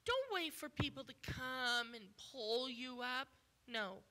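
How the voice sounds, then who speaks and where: A woman's voice: sits high, expressive, slow pace, bright, forceful tone. A woman guest preacher delivering a sermon with emphatic, repetitive exhortation.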